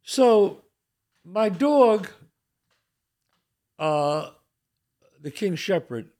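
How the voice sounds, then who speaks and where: A man's voice: high-pitched, animated, very slow, a little mellow. An older man hosting a talk show, telling a personal story in a casual, streetwise way, full of asides to his co-host. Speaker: podcast host.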